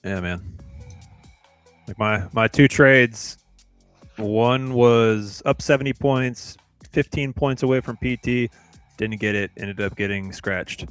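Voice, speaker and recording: A man co-hosting a live trading stream, talking in a laid-back way about his trades, with repeated words and drawn-out phrasing. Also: mid-range voice, clean tone, dry recording, faint music behind. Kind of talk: casual live-stream chat.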